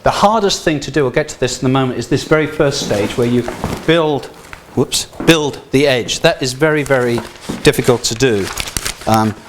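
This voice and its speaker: Chatty older British lecturer. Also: male voice, mid-range voice, normal speed, background noise. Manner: conversational, with frequent restarts and asides. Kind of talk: academic lecture with video. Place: lecture hall.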